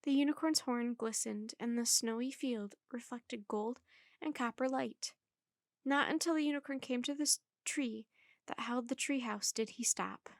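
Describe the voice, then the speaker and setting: A woman reading a children's chapter book aloud in a clear, measured storytelling manner. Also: on the high side, dry recording, clean studio sound.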